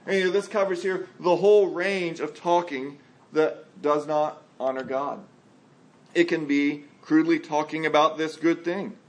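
Earnest higher-voiced male pastor preaching. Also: steady tone, measured pace. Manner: earnest and conversational, acts out quoted voices. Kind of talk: sermon.

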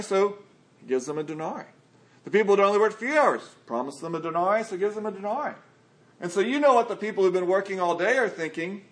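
A man's voice: sits high, fairly bright tone. A man preaching a sermon earnestly, acting out quotes from scripture. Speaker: pastor.

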